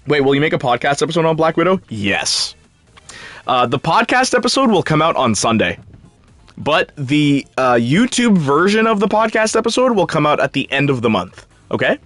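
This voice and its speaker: Young male streamer, lively up-and-down delivery, dry close sound, casual chat with his viewers. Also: on the high side, moderate pace, dry recording, soft background music. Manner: chatty, jumpy, talks back to chat.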